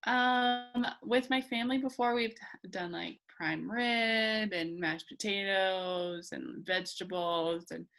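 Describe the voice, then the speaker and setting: Relaxed young woman chatting. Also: medium pitch, slow, gravelly, hardly any pauses. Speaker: client in a mock speech exam. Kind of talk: casual chat.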